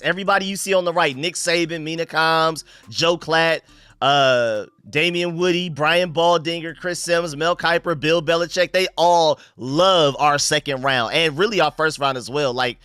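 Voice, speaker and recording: A young man from North Carolina with a Southern accent, hosting a casual live stream from his room, animated and slangy, talking straight to his viewers. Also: on the high side, clean tone, dry recording. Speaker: sports live-stream host.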